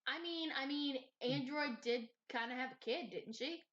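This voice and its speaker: A woman's voice: high voice, moderate pace, a bit bright. A young woman co-hosting a podcast in casual, profane chat, full of fillers and giggles. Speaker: podcast co-host. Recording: dull lo-fi sound.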